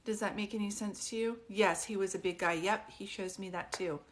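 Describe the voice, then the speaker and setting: Woman, psychic medium on a live stream, gentle and questioning, mid pitch, close phone mic. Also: fairly even intonation, fairly quick. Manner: soft, consoling, often asks questions. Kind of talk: live-stream reading, casual and chatty.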